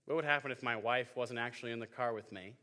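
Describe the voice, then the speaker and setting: A young pastor in his twenties tells a funny story in a sermon, playing out the voices of the people in it. His voice is bright and forward. It rings with the long reverb of a big hall. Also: mid-range voice, quick pace. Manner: joking storytelling, acts out voices. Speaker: youth pastor.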